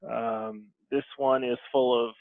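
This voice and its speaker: Male guest, conversational and musing, many pauses; thin phone-like audio. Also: medium pitch, level tone, dry recording. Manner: thoughtful, rambling with many pauses. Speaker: game publisher guest. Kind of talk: casual video-call conversation.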